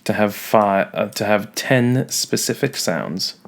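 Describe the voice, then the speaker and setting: A man's voice: on the low side, animated, takes it slowly, gravelly. A man teaching a recorded online lesson, talking students through a poem with wry, self-mocking asides.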